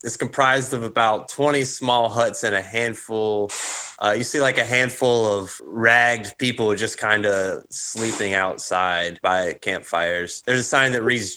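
A man narrating a tabletop game as game master, casual and halting. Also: lowish voice, background noise.

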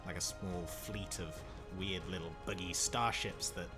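A man's voice: sits low, a little slow, music in the background. A man narrating a tabletop game as game master, describing scenes loosely with fillers.

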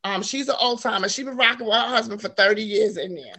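Bright-voiced animated woman author. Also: on the high side, quick pace, slight background noise. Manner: animated storyteller, laughs often, acts out quotes. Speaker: author guest. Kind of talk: casual interview chat.

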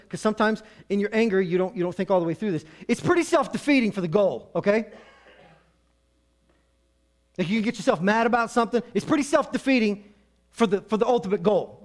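A middle-aged male pastor preaching a sermon in a conversational way, with humor and quick acted-out asides. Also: high voice.

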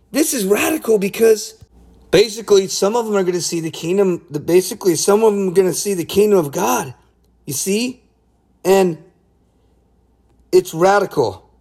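A man giving an excited, casual Bible study talk, often laughing and restarting his sentences. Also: high voice, slightly rough. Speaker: Bible teacher.

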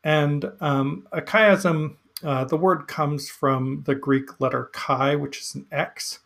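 A man who reads a psalm aloud, then talks it through in a relaxed, hesitant way with many fillers. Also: a little high, slow pace, vocal fry. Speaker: podcast host reading psalms. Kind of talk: scripture reading and casual commentary.

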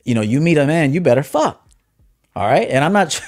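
A man hosting a livestream as a dating coach, talking bluntly, swinging from low muttered asides to loud emphatic bursts. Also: big pitch swings, brisk, no echo, clean studio sound. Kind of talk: casual livestream monologue.

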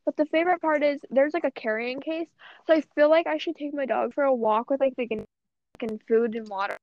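A woman's voice: high voice, quick pace, no echo. A young woman co-hosting a podcast, chatting casually and rambling, swearing often and saying "like" constantly. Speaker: podcast co-host. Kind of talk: casual chat. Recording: dull, lo-fi audio.

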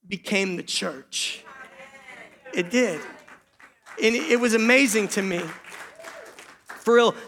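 A man's voice: very high voice, sharp tone, big-room sound. A middle-aged man preaching a sermon as pastor, earnest, with self-deprecating jokes and repeated calls of "church". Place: church sanctuary.

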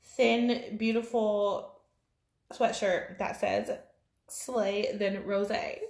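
A woman's voice: mid-range voice, little pitch movement, extremely slow, gravelly, a little mellow. A woman co-hosting a casual chat, teasing and sarcastic, laughing often. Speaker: podcast co-host. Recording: echoey room.

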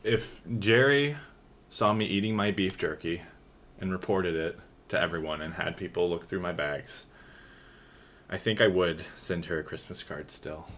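A man co-hosting a podcast in casual chat, who gets animated and jumps way up in pitch when he is indignant. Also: moderate pace. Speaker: podcast co-host.

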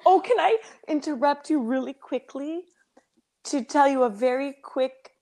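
A woman's voice: high voice, measured pace. A woman co-hosting a podcast, telling stories in casual chat and laughing often. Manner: chatty, laughs often, animated storytelling. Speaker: podcast co-host.

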